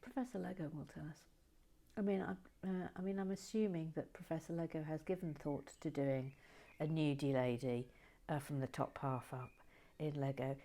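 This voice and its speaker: A woman's voice: low voice, steady tone, normal speed, mellow. A woman hosting a building stream, chatting casually and playfully, reading viewer comments aloud and dropping to murmurs while she concentrates. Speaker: host of a brick-building stream.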